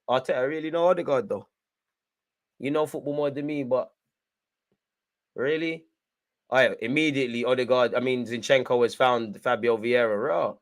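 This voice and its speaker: A young man giving excitable live fan commentary on a football match, urging players on and swinging between frustration and hype. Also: medium pitch.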